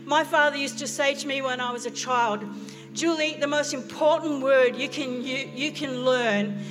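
A woman's voice: sits high, steady tone, moderate pace. Earnest woman pastor preaching in a hall. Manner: storytelling, earnest, with many restarts. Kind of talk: sermon. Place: large church hall. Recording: church hall reverb with music behind.

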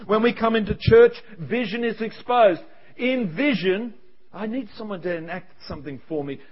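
A man preaching a sermon as pastor, animated, acting out quoted voices with quick asides. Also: high voice, slightly rough. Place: church service. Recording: dull lo-fi sound.

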